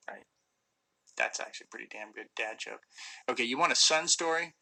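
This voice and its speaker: A middle-aged actor chatting casually on a phone live stream, answering fan questions with lots of ums and restarts. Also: male voice, mid-range voice, fairly quick, vocal fry, bright, forceful tone, low-quality recording. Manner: rambling, many fillers and restarts.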